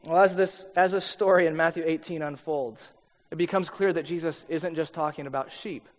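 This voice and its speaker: A middle-aged pastor with a high voice preaches in a casual, storytelling way, full of little asides. His voice carries with a long reverb tail from a large hall. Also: fairly even intonation, normal speed. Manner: conversational storyteller, many asides. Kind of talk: sermon with personal story.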